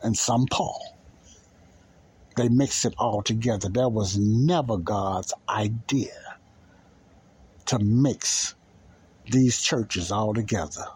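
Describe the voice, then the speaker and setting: A man's voice: fairly low pitch, a little mellow, slightly rough, poor audio. A man preaching in a conversational style, repeating key phrases and pressing his listeners with rhetorical questions. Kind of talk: informal preaching.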